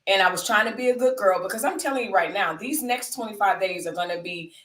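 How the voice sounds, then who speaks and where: A woman's voice: mid-range voice, fast, fairly bright tone, recorded from a distance. A woman from the United States hosting a live stream, commenting on the news and talking to her chat in an emphatic, conversational way that repeats points for stress. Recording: roomy sound, away from the mic.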